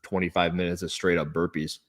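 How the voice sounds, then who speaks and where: An American man with a somewhat low voice, chatting casually on a podcast. He teases and jokes, calling his friend "dude" often. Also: little pitch movement, brisk. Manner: joking, teasing, says "dude" a lot. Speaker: podcast co-host. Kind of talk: casual chat.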